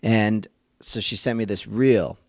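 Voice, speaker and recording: Man, podcast host, earnest and conversational, gravelly voice, dry close sound. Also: on the low side, fairly even intonation, a little slow, dry recording. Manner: earnest, conversational, thinking aloud. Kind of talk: reflective faith-based podcast monologue.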